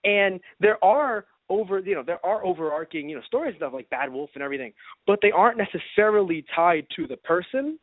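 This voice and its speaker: A high, lively man chatting excitedly on a podcast, swooping up and down as he acts out his reactions. The sound is thin and phone-like, dry with no room in it. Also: a little fast, dry recording. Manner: animated, acts out reactions in quoted voices, laughs often. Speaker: podcast co-host. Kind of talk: casual fan review chat.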